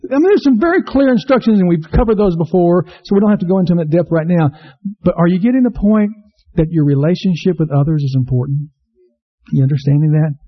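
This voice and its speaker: A man preaching an earnest sermon, repeating himself and asking the congregation questions. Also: fast. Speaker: pastor. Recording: slightly dull low-fidelity recording.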